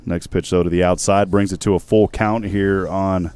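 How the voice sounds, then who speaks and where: A man giving steady, measured baseball play-by-play commentary as the announcer. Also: clean tone. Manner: steady, measured calls of each pitch.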